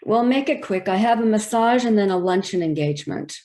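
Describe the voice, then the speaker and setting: A woman's voice: medium pitch, animated, a little fast, warm tone, close to an everyday voice. An actress playing an impatient wife who curtly dismisses her husband and sends him to her lawyer. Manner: curt, dismissive. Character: cold, impatient wife seeking divorce.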